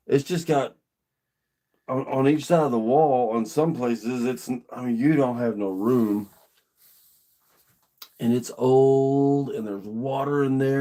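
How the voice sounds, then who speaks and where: A man's voice: mid-range voice, darkish tone. Middle-aged man, casual vlogger; plainspoken, rambling, earnest storyteller.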